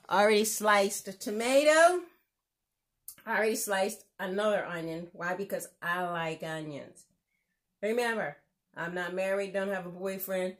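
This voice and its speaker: A woman hosting a casual home cooking demonstration, chatty and exuberant, laughing often as she talks through each step. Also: fairly low pitch. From United States. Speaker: cooking show host.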